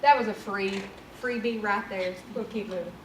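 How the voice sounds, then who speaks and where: A woman's voice: mid-range voice, moderate pace. A woman trainer giving a casual workshop presentation, candid and conversational. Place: training room. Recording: echoey room from far off with noise.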